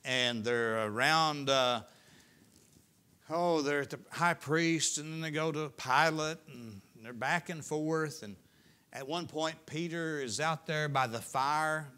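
A middle-aged man in the pulpit delivering a sermon in a homespun, storytelling style. His voice is bright and forward, and he moves from booming emphasis to near-whispered confession. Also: slow, smooth. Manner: folksy, storytelling preacher with dramatic swings from loud to hushed. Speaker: pastor. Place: church sanctuary.

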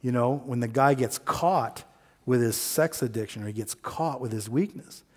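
A man preaching a sermon, telling a story with lively quoted voices and plain talk. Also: medium pitch, moderate pace. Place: church sanctuary. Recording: long hall reverb.

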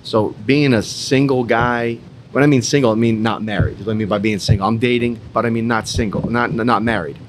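A man's voice: medium pitch, steady tone, brisk, slight background noise. A young man at a business roundtable, telling a personal story in an emphatic, repetitive way with some swearing. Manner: emphatic, repetitive, mildly profane. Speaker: entrepreneur in a roundtable.

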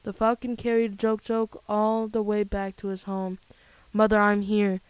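A woman reading a children's story aloud in a plain, gentle storytelling way. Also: medium pitch, flat delivery, moderate pace, clean tone, no room sound, poor audio. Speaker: storybook reader.

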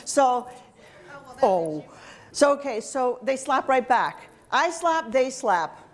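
Speaking slowly in a high register, this middle-aged motivational speaker entertains soldiers at a workshop. Her talk is playful and full of jokes, and she keeps the live audience in the event hall involved.

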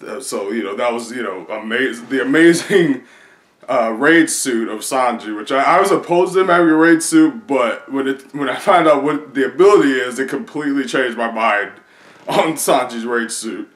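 A man chatting casually as a video creator, rambling excitedly through a recap with many fillers. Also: medium pitch, normal speed. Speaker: video creator reacting to comics. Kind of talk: casual chat. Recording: roomy echo.

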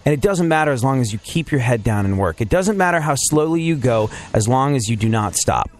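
A man's voice: medium pitch, expressive, brisk, soft background music. A man hosting a radio show, telling a candid, self-deprecating story in a wry, conversational way. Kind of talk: motivational storytelling monologue.

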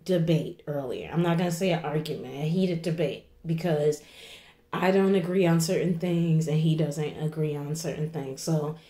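A vlogger in her forties, tearful from crying, rambles emotionally to her viewers, often tossing in "okay?" and "you know?". Her low, mellow voice moves at a normal pace, and the sound is reverberant.

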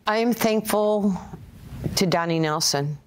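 A woman, an interview guest telling animated stories and acting out the voices of other people. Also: mid-range voice, a little slow, slight background noise. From Brooklyn, USA. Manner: animated, acts out quoted voices. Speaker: interview guest, former player and coach. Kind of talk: storytelling interview.

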